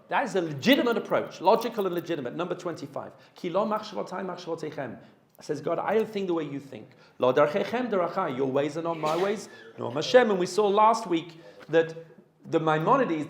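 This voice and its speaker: A man, a rabbi, giving a Torah lecture, reading Hebrew verses and translating them, and asking the class questions. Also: a little high. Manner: animated, asks the class questions. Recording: roomy echo.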